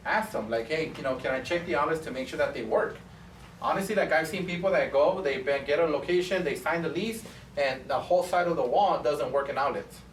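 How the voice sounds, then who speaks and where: A man's voice: fairly high pitch, brisk, a little hiss or hum. A man who owns a barbershop teaches a class in a casual, chatty way and acts out both sides of his stories. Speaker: barbershop owner teaching students. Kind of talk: casual classroom talk with anecdotes. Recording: echoey room from a distance.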